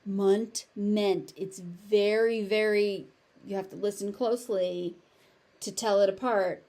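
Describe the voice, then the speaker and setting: A woman with a General American accent teaching pronunciation, repeating each word slowly and enunciating clearly. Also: mid-range voice, steady tone, mellow. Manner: slow, deliberate, exaggerated enunciation of each word. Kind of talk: pronunciation lesson, slow drilled word repetition.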